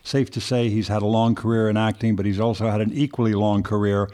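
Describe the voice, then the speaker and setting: A man's voice: fairly low pitch, flat delivery, quick pace, mellow. A man co-hosting a podcast, chatting casually and joking easily. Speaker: podcast co-host.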